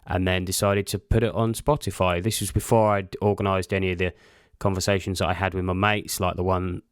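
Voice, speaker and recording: A man in his thirties talks alone into a podcast microphone, with a low voice and a dry, close sound. He rambles casually, swears freely and pokes fun at himself. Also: little pitch movement, fairly quick, smooth, dry recording. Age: 30s. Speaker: podcast host. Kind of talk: solo podcast monologue.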